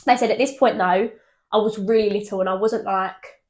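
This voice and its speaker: A young woman co-hosting a podcast, telling ghost stories in animated casual chat and swearing freely. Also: medium pitch, brisk. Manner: animated storytelling, swears freely, laughs often. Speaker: podcast co-host.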